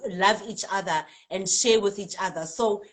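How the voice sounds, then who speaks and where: A South African woman hosting a live spiritual card-reading stream, reading out viewers' comments in a lively, chatty way and laughing often. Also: medium pitch, normal speed. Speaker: spiritual healer and card reader.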